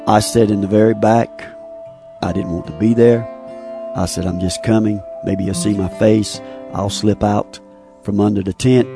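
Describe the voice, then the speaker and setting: Deep-voiced man giving a heartfelt testimony. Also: vocal fry. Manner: earnest and heartfelt, with repeated phrases. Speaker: speaker giving a faith testimony. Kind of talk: personal religious testimony. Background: faint guitar music.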